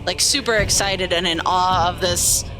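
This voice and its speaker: A tabletop player describing their character's reaction while thinking aloud, halting. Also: mid-range voice, steady tone, music in the background.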